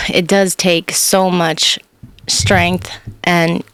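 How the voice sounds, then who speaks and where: Woman guest, unhurried and low-voiced, candid and reflective, dry close sound. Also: flat delivery, fairly bright tone, clean tone, no room sound. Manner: candid, reflective, laughs often. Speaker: podcast guest. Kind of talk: casual conversation.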